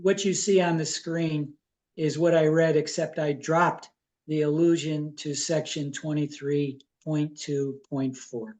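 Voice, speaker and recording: A man with a fairly high yet mellow voice, speaking as counsel at a city zoning meeting. He lays out the provisions in a measured way and reads the legal wording slowly, one clause at a time. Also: level tone. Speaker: town attorney. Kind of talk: public meeting discussion.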